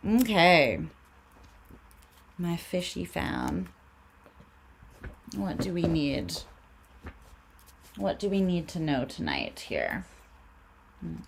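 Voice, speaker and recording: A woman's voice: fairly low pitch, very animated, very slow, creaky, pauses often, a little hiss or hum. A woman giving a casual livestream tarot reading, laid-back and swearing freely, often laughing as she talks. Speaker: tarot reader.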